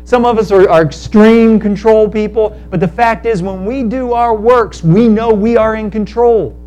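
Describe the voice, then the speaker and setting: A man preaching a sermon, telling a parable in animated storytelling style and acting out the characters in quick asides. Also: high voice, muffled recording. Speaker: pastor.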